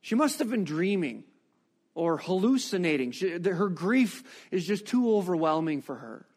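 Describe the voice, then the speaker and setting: A man preaching a sermon, reading scripture and reflecting on it with expressive, rising rhetorical questions. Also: sits high, moderate pace.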